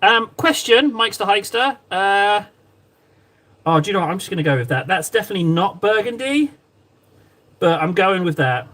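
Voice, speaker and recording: A man's voice: sits high, big pitch swings, moderate pace, fairly bright tone. A man live-streaming as he paints miniatures, chatting playfully and rambling to his viewers. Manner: playful, rambling, talks to chat while painting. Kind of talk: casual live-stream chat.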